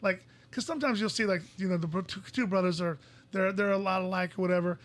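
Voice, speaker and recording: A man's voice: sits high, steady tone, a bit bright. A man co-hosting a podcast, telling stories in casual chat and often repeating words as he goes. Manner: fast storytelling, restarts and repeats words. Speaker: podcast co-host.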